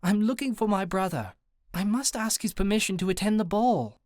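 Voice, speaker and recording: A man's voice: high-pitched, lively intonation, normal speed, darkish tone, no room sound, studio quality, pitched above the performer's own voice. A man voicing a young woman in a delusion who plays a haughty lady with a put-on posh British accent, theatrical and prim. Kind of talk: audiobook character voice.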